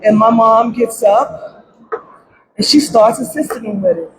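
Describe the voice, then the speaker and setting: A middle-aged woman giving emotional public testimony at a press conference about her grief, pleading through tears and at times breaking into shouts. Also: on the high side, measured pace, poor audio. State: grief-stricken, close to crying. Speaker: grieving mother giving testimony. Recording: crowd noise at a press event.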